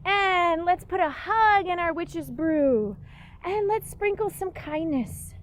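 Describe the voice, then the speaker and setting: A woman's voice: very high-pitched, expressive, takes it slowly, slight background noise. A woman leading a kids yoga class, giving playful, encouraging cues and telling a rhyming story.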